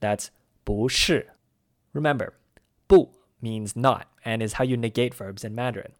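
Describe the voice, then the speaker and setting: A man's voice: medium pitch, moderate pace. A man co-hosting a scripted language-lesson podcast, running quiz questions and explaining words in an upbeat teaching manner. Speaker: podcast co-host.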